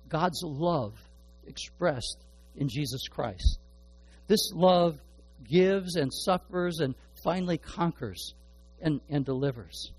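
Earnest preaching man, slightly high voice. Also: a little mellow, breathy edge, rough recording. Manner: earnest, repeats words and restarts often. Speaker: pastor. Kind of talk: sermon.

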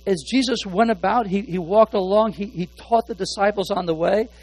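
High-voiced pastor with halting delivery. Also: male voice, poor audio. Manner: halting, repeats words while searching for phrasing; shifts between hushed asides and emphatic stressed words. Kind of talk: sermon.

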